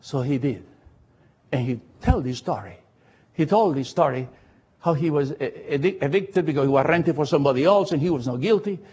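Husky-voiced pastor preaching with fervor. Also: male voice, a little high, animated, a little fast, darkish tone. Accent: non-native English accent. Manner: fervent preaching with surging emphasis. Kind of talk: sermon and closing prayer. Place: auditorium. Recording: muffled lo-fi radio broadcast.

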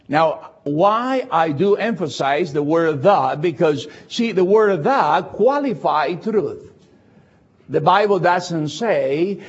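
An older man preaching a sermon with non-native English phrasing, slowing down deliberately to stress scripture. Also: a little high, lively intonation, slightly rough. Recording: dull lo-fi recording.

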